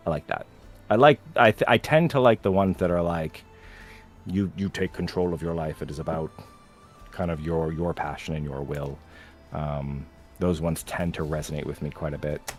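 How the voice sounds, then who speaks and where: Deep-voiced man, animated storyteller. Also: normal speed, soft background music. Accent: faint New England, mostly neutral. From New England. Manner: animated storyteller, acts out quotes. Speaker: host. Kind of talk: casual livestream Q&A chat.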